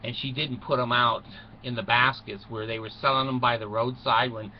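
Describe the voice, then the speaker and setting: A man's voice: medium pitch, steady tone, normal speed. A man telling a mock bedtime story to children in a folksy, rambling way, full of chuckles and asides. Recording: muffled recording with faint noise.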